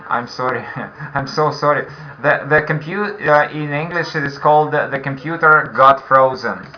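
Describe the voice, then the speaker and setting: A man's voice: on the high side, moderate pace, slight background noise. A man with a Russian accent teaching a beginner English class online, patiently repeating questions for his learners. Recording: dull lo-fi online call audio.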